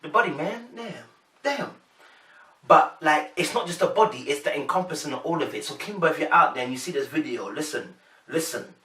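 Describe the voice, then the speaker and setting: A man's voice: a little high, expressive, fairly quick, bright, forceful tone, recorded from a distance. A young man with a London accent giving casual, chatty commentary straight to his viewers, full of slang. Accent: London English. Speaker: reaction commentator. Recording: echoey room, voice a bit off-mic.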